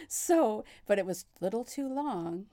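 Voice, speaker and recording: A woman guest on a podcast, telling her story in relaxed conversation and laughing between thoughts. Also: mid-range voice, takes it slowly. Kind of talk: casual conversation.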